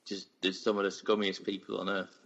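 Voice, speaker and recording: A man with a low voice who stumbles and restarts as he talks, enthusing in a casual podcast chat. His delivery is eager but halting. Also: monotone, a bit bright, muffled recording. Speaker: podcast co-host.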